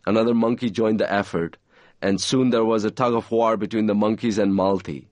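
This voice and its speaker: A man reading aloud from his own novel in a measured, even storytelling manner. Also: lowish voice, no room sound.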